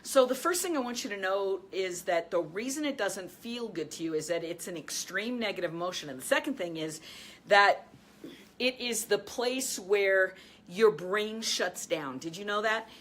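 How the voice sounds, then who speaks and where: A woman hosting a coaching video, teaching energetically and addressing viewers directly, laughing often, then softening to a calm low voice to guide breathing. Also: moderate pace. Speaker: host, life and business coach.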